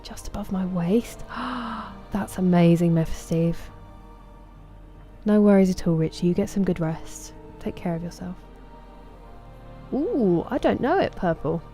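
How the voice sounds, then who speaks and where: Low, mellow Sussex woman streaming. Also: lively intonation, a little slow, long pauses, soft background music. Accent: Sussex English. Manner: chatty, greets viewers by name. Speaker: game streamer. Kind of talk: casual live-stream chat.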